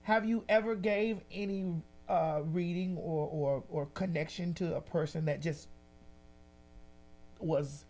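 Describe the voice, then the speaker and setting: Rich: A woman host with a fairly low voice, asking questions in a relaxed, casual interview. She circles her questions and stumbles over repeated words before getting them out. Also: takes it slowly. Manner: hesitant, repeats words while framing questions.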